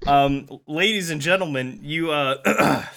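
A man's voice: a little high, takes it slowly, vocal fry, sharp tone. A man hosting a casual podcast game show, playful and laughing often.

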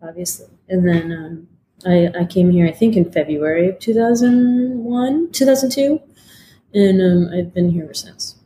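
Telling her life story as a guest in a candid interview, a Detroit woman in her forties speaks frankly, cursing often and filling her speech with fillers. Her voice is fairly low and dark at a moderate pace, over a little hiss or hum.

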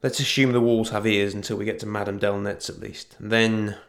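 A man voicing a steady, measured male adventurer making plans. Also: lowish voice, close to an everyday voice. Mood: calm.

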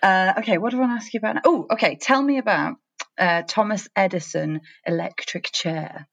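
A woman's voice: medium pitch, fairly quick, dull audio. A Welsh woman from South Wales, co-hosting a podcast in chatty, playful casual conversation. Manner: chatty, animated, playful teasing. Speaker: podcast co-host. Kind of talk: casual chat.

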